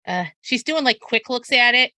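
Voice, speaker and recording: A woman's voice: a little high, lively intonation, normal speed, pushed and bright, no echo. A woman playing a tabletop role-playing game, talking hesitantly with many restarts as she voices her character. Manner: hesitant, lots of fillers and restarts, laughing easily. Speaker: player.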